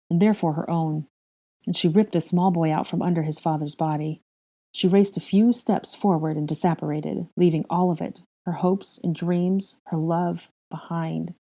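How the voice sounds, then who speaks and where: A woman reading a fan fiction chapter aloud as narrator, in a steady, measured way. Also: lowish voice, vocal fry.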